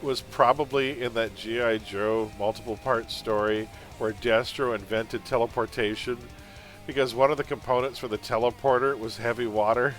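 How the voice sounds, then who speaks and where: A man's voice: medium pitch, fairly even intonation, moderate pace, a bit bright, faint music behind. A man chatting casually while live-streaming a game, laughing often and drifting into pop-culture tangents.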